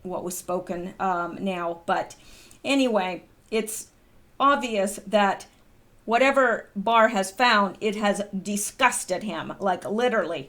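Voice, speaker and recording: A woman's voice: medium pitch, slow, a bit bright. Middle-aged american lady, channel host, talks loose and rambly, lots of um. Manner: chatty, rambling, wanders off topic with filler ums. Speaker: channel host reading posts. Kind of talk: casual commentary vlog.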